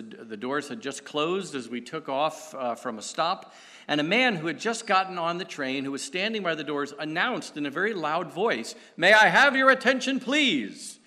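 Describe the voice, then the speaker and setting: Self-deprecating preacher with a bright voice. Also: male voice, fairly high pitch, in a large hall. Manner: self-deprecating, storytelling, halting with fillers. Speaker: guest preacher. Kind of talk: sermon. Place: church.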